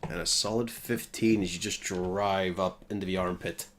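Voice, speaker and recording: A man running a tabletop game as game master, calling hits and describing combat in a relaxed way. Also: low voice, normal speed.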